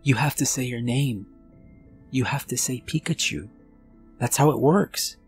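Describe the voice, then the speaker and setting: A man voicing a young girl who speaks softly and earnestly to her father in a horror story narration. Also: medium pitch, a little slow, faint music behind, pitched above the performer's own voice, lightly acted. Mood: urging.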